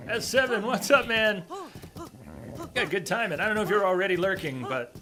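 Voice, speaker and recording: Background noise runs beneath a high-pitched male voice that moves at a moderate pace and pauses often. He's streaming a game and keeps up a chatty commentary, addressing his viewers and urging on his horse in the game.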